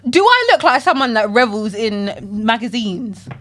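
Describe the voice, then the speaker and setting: A young British woman co-hosting a relaxed podcast. Her delivery is playful and expressive, full of jokes and asides. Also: on the high side, normal speed. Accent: British English. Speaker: podcast co-host. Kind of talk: casual chat.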